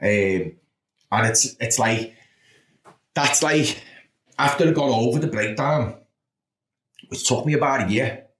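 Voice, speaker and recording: A man's voice: medium pitch, slow pace, long pauses, a bit bright. A man in his thirties with a Liverpool accent, telling blunt, sweary stories about his past as a podcast guest. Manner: blunt and sweary, with frequent "do you know what I mean". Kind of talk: candid storytelling. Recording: roomy echo.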